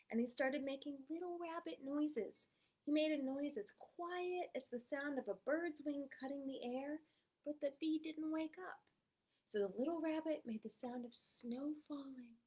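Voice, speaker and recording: A woman from the United States reading a picture book aloud to children, animated and often checking in with "right?". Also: sits high. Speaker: story reader.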